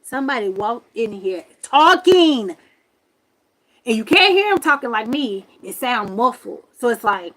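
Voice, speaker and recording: A woman hosting a livestream, telling a story to her viewers in a loud, profane, exasperated rant from her camper. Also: fairly high pitch, big pitch swings, normal speed, low-quality recording. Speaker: livestream host.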